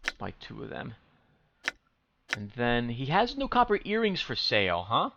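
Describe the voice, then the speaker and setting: A man playing a role-playing game, reading its dialogue and narration aloud with quick asides. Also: medium pitch, wildly swooping pitch, vocal fry. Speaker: let's play host. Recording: slightly dull home mic with faint noise.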